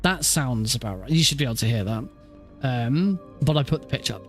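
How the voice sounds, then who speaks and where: Soft music plays behind a man with a mid-range voice who speaks in an animated, fairly quick way as he streams a speedrun. Chatty and meandering, he frequently corrects himself and restarts sentences while tweaking his setup.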